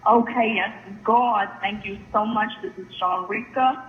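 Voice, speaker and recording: A woman's voice: mid-range voice, unhurried, slight background noise. A young woman leaving a playful, sassy, over-the-top joke voicemail for a friend. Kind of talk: joking voicemail message. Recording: echoey muffled voicemail recording.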